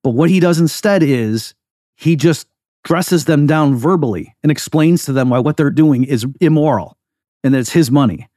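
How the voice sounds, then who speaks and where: A man's voice: fairly high pitch, normal speed, mellow, no room sound, studio quality. Emphatic man hosting a podcast. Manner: emphatic, conversational, frequent asides. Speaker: podcast host. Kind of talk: casual solo commentary.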